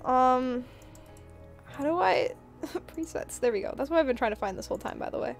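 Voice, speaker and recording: A woman's voice: sits high, animated, normal speed, faint music behind. A young woman streaming a video game, chatting casually and rambling to her chat with frequent giggles.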